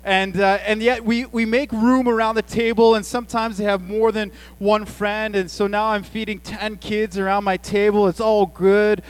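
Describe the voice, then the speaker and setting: A man's voice: sits high, normal speed, few pauses, poor audio. Chatty storytelling pastor, man. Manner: chatty, storytelling, animated asides. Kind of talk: sermon.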